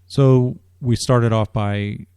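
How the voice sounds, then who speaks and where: Low mellow guy being interviewed, explains slow, keeps restarting, dry sound. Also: fairly even intonation, clear, resonant tone, dry recording. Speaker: drum corps staff guest. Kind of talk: casual radio interview.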